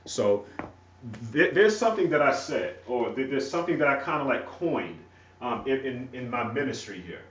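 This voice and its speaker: A man with a rural North Carolina accent teaching a religious lesson. He talks in halting, repeated phrases and keeps checking in with "all right?". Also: medium pitch, very animated, fairly bright tone. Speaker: ministry teacher. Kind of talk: teaching a religious lesson while writing on a board. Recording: echoey room, far from mic, dull lo-fi.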